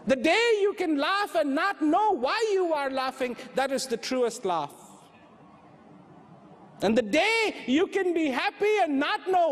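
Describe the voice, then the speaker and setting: A man giving an inspirational talk on inner peace, slow and reflective, repeating phrases for emphasis. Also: very high voice. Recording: hall reverb with faint ambience.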